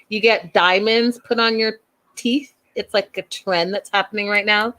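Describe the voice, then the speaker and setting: A woman's voice: on the high side, fairly bright tone. A woman hosting a casual show recap, chatty and opinionated, who acts out the people she quotes in a raised voice. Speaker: host recapping a reality show.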